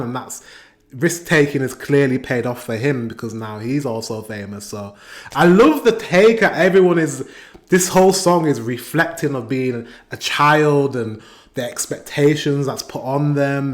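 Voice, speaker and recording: A British man hosting a reaction video, reading out translated song lyrics and chatting through what they mean. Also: mid-range voice. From Britain. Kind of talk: casual reaction commentary.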